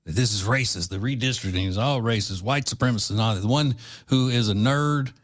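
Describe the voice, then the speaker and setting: A man's voice: mid-range voice, a little fast. A man from Louisiana hosting a podcast, giving blunt, combative political commentary with rambling asides. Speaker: podcast host.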